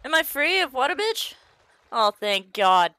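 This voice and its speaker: Excitable woman gamer, bright and lively. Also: high-pitched, measured pace, no room sound. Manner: excitable, swearing, shrieking and laughing. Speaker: gaming video creator. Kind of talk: let's play commentary.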